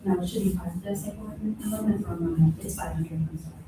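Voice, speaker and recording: A woman's voice: fairly low pitch, fairly even intonation, fast talker, background noise. A woman, the county clerk, plainly walking commissioners through her budget. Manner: plainspoken, matter-of-fact, self-correcting. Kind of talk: budget presentation at a public meeting. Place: county meeting room. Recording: very echoey room from a distant mic.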